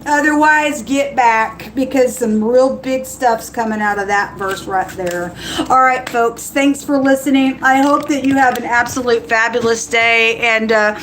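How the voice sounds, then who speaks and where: Woman, high voice, fiery preachy livestream host, warns and quotes scripture, faint hiss behind. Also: a little slow, a bit bright, low-quality recording. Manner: fiery and warning, quoting scripture.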